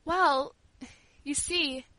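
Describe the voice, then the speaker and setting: A woman voicing an earnest, devout little girl who speaks sincerely and pleads gently. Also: high voice, lively intonation, a little fast, no echo, low-quality recording. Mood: hesitant.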